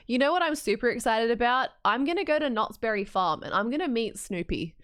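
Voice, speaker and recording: A woman's voice: a little high, lively intonation, fairly bright tone, smooth, no echo. Bubbly Australian woman streaming a game. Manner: bubbly, chatty, quick to joke. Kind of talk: live game stream commentary.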